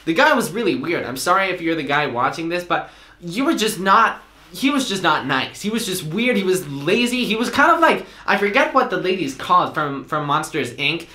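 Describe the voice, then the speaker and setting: An excitable young man tells a story in a vlog, acting out every line of dialogue. His voice sounds bright and forceful, and the room adds a noticeable echo. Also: high-pitched, normal speed. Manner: animated, excitable, acts out dialogue. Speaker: vlogger.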